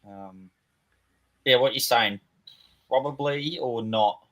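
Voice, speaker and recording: A man's voice: medium pitch, slow pace, sharp tone. A man co-hosting a casual fantasy football podcast, thinking aloud hesitantly with fillers. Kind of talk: casual chat.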